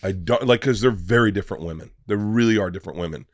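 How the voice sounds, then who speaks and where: A man's voice: fairly low pitch, quick pace, no room sound. A man, a guest comedian, telling rambling, profane stories in casual podcast chat on a studio mic. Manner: rambling, profane, animated storyteller.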